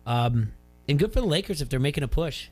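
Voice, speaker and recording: A man's voice: on the high side, animated, quick pace, darkish tone, soft background music. A man co-hosting a sports radio show, chatting casually and rambling with many fillers and restarts. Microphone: studio radio mic.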